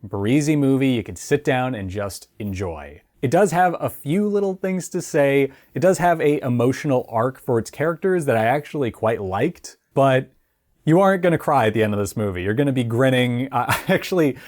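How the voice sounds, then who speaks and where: A man's voice: mid-range voice, animated, normal speed, a little mellow. Chatty rambling male film reviewer. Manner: rambling, chatty, laughs often, many fillers. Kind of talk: casual spoken film review.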